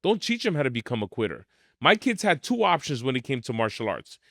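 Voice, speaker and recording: A man's voice: mid-range voice, very animated, brisk, a bit bright, no room sound, studio quality. A middle-aged man, a martial arts school owner telling blunt, emphatic stories in a podcast interview.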